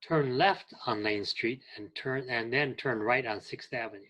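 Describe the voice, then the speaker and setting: A man's voice: mid-range voice, a bit bright, rough recording. A man teaching an English class, reading direction and clarification phrases aloud patiently. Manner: reads example phrases aloud, patient and deliberate. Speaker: ESL teacher. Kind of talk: slow classroom instruction.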